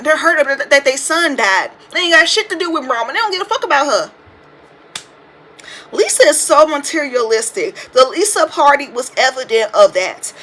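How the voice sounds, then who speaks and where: A young woman in her twenties talks through a podcast monologue in a high, bright voice. She rants with loose slang and plenty of swearing, in a casual, animated way, recorded on a phone. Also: rough recording. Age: 20s. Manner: animated, profane, ranting with slang. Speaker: podcast host. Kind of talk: casual reality TV commentary monologue.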